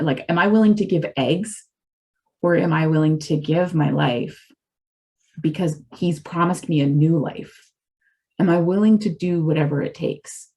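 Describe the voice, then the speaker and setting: A woman's voice: low-pitched, vocal fry, warm tone. A middle-aged woman giving a candid, rambling personal testimony as a speaker for a recovery community. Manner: earnest, confessional, rambling.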